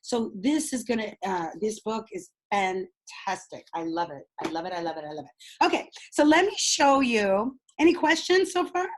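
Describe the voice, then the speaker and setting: A woman leading a group coaching call over video, bubbly and excitable, laughing often. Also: mid-range voice, normal speed, few pauses, rough recording. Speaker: speaking coach.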